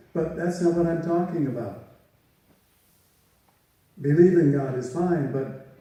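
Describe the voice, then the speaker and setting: A man, a priest, giving a sermon with slow, measured preaching and emphatic rises. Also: a little high, dark tone. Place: large church. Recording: echoey church heard from a distance.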